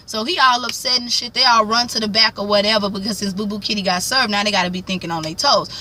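Fast bright-voiced Texan woman recapping. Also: medium pitch, steady tone. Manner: blunt, profane, joking, acts out characters' lines. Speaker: TV recap vlogger. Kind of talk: casual profane TV recap.

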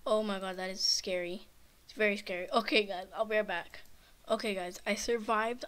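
A woman with a high voice talks through her gameplay in casual, rambling commentary. She sounds shaken and nervous, keeps circling back to the same frightened phrases, and loops her exclamations over and over. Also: fairly even intonation, normal speed, a bit bright. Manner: frightened, rambling, repeats herself. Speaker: gamer, channel host.

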